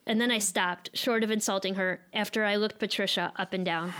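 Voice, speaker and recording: A woman's voice: mid-range voice, steady tone, brisk, fairly bright tone. A woman in her thirties with a Chicago accent, telling a personal story live in a candid, self-deprecating, wry way. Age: 30s.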